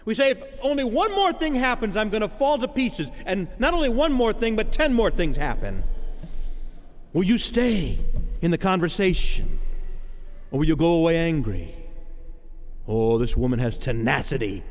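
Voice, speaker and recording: A man's voice: sits high, big pitch swings, moderate pace, long reverb tail. A man preaching a sermon in a dramatic cadence, acting out the voices of the people he quotes.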